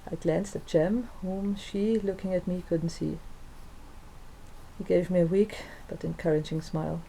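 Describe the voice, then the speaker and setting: A woman reads her own first-person story in a calm, soft-spoken manner. Her voice is mellow and sits a little low. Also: measured pace, vocal fry, a little hiss or hum, poor audio. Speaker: narrator and author.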